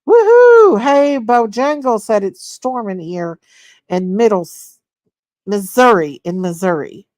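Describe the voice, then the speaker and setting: A woman hosting a casual livestream. She reads viewer comments aloud, greets people by name and gushes with excitement. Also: mid-range voice, unhurried, no room sound. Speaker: livestream host. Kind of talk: casual live chat reading viewer comments.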